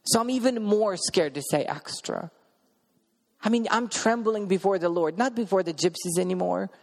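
A man's voice: high voice, moderate pace, gravelly, long reverb tail. A man preaching a sermon, earnestly telling a personal story in vivid present tense. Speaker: preacher sharing a testimony.

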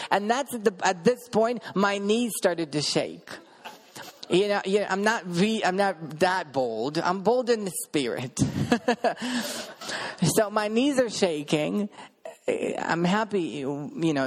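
A man preaching a sermon and telling a testimony, emphatic, repeating his words and asking the audience questions. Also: high voice.

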